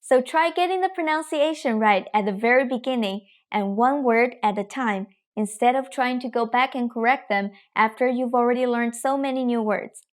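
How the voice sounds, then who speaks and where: A young adult woman teaching Mandarin pronunciation in a scripted lesson, speaking slowly and carefully, demonstrating sounds. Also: on the high side.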